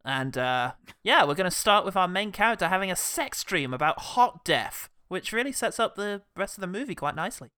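A man co-hosts a comedic film review podcast, joking and laughing as he goes. His bright voice swings widely in pitch. The recording is dry and close. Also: brisk, hardly any pauses, smooth, no room sound. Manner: joking, giggly, with animated voice swings. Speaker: podcast co-host.

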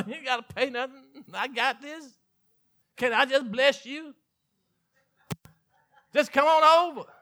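A Southern pastor preaches a sermon from the pulpit in a high, forceful, bright voice. He teases listeners with playful mock questions and dialogue plus quick call-and-response asides, swinging between loud preaching and quiet, confiding lines.

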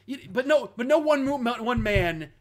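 A man co-hosting a casual podcast chat, animated and ranting, dropping into quick mock voices. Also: very high voice. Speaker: podcast co-host.

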